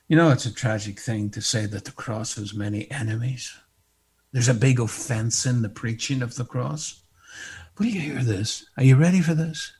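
A middle-aged man preaching a sermon, swinging from hushed, near-whispered lines to emphatic, raised declarations. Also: mid-range voice, a little slow, husky.

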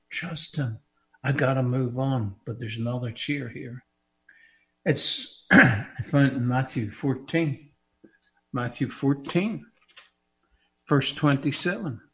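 A man preaching a fervent radio sermon, swinging from hushed, earnest pleading to loud exclamation. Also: medium pitch, slow pace, long pauses.

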